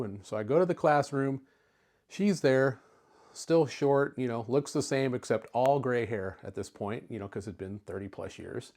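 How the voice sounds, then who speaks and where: Brief: a man in his fifties, chatty tech vlogger, mid-pitched, relaxed storyteller. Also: normal speed. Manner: chatty, easygoing, with filler words. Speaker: retro computer YouTuber. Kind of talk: casual storytelling to camera.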